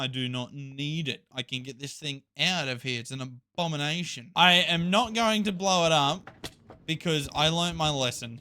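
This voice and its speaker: A man giving casual, jokey commentary while playing a video game, thinking aloud and getting excited. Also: mid-range voice. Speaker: Minecraft YouTuber.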